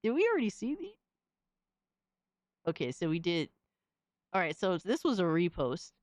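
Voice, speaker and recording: A woman's voice: fairly low pitch, huge pitch swings, moderate pace, no room sound. A young woman streamer reacting casually to fan images, slangy and exclamatory, often laughing.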